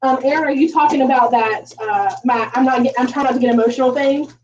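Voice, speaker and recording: A woman's voice: high voice, fast talker, a little mellow, distant mic, dull audio, a little hiss or hum. A woman hosting a home cooking livestream, chatting folksily to viewers with lots of ums. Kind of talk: casual livestream chat while cooking. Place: home kitchen.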